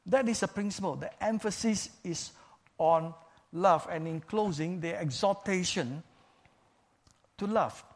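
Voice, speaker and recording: A man preaching a sermon in a measured, emphatic way, repeating key phrases for stress. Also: sits high.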